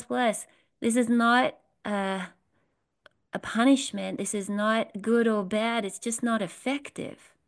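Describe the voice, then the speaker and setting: A woman leading a spiritual workshop, talking earnestly to a live audience, repeating phrases and asking them questions. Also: mid-range voice. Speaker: workshop leader.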